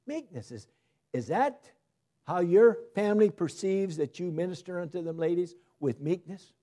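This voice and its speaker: A man preaching a sermon, shifting from loud emphasis to soft asides. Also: sits high, normal speed.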